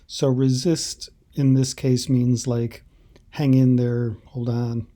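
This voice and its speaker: Slow, mellow-voiced man explaining a translation. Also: medium pitch, little pitch movement. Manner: unhurried and explanatory, with hesitant fillers. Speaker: language teacher.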